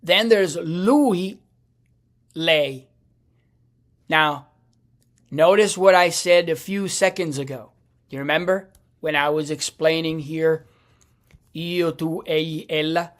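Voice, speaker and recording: A man teaching a language lesson, explaining slowly with frequent restarts and fillers. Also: a little high, fairly bright tone. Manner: slow, hesitant, with many restarts and fillers.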